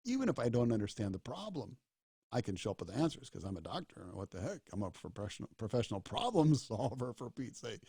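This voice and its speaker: A man's voice: medium pitch, very animated, brisk, warm tone, breathy edge, no echo, studio quality. A middle-aged man, a doctor, telling stories in an earnest way and acting out the dialogue. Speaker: disaster doctor and speaker. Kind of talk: storytelling talk.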